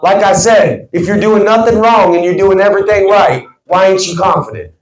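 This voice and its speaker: Speaking at normal speed in a high-pitched voice, a man gives a sales team a motivational talk. He hits his words with preacherly emphasis, and the meeting room echoes.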